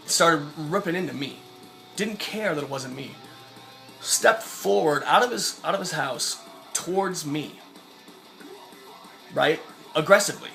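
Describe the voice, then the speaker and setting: A man tells a story in an animated vlog style and swears freely along the way. His voice is gravelly and sits a little high. Faint guitar music plays underneath. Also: measured pace, long pauses. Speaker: vlogger and mail carrier.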